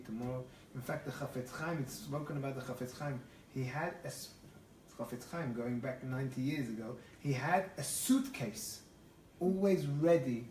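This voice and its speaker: A man giving an animated storytelling lecture as a Torah teacher, often restarting his phrases. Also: a little high. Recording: echoey room, far from the mic, faint noise.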